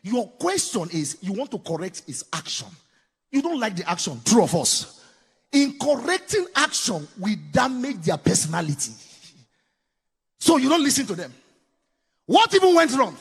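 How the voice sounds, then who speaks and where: A man with a Nigerian accent giving a preaching-style talk on parenting, swinging from loud exclamations to low asides. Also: very animated, moderate pace, breathy edge. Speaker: parenting speaker. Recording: long hall reverb.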